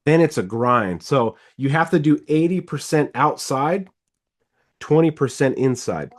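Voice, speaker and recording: Animated man coaching car sales. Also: on the high side. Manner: animated, rambling, quick bursts. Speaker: sales trainer, podcast host. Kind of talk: casual coaching chat.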